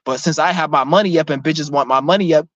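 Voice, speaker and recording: This vlogger talks fast in a slightly high, fairly bright voice, delivering a heated rant straight to camera. Blunt, profane and confrontational, he repeatedly restarts his sentences, and the dry recording has a dull lo-fi quality.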